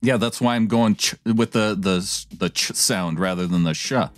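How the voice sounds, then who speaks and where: Over soft background music, a man co-hosting a podcast chats casually after reading out a listener's email in a playful, theatrical way. His voice is fairly low, his pace moderate, and the recording has no echo.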